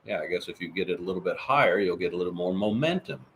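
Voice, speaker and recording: A man's voice: low voice, animated, quick pace, a bit bright, a little hiss or hum. A man hosting a live podcast in casual, jokey, rambling chat, reading out viewer comments. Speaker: podcast host.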